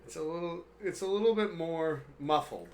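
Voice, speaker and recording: A man co-hosting a live sports stream in casual chat, excitable, with loud outbursts, reading viewer messages aloud. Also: a little high, normal speed.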